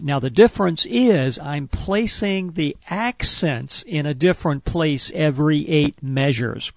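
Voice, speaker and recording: Guy teaching a wellness drum exercise, kinda higher voice, patient, dry sound. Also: expressive, slow pace, creaky, few pauses, no echo. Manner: patient, step-by-step explaining with fillers. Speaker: wellness instructor. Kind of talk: explaining an exercise.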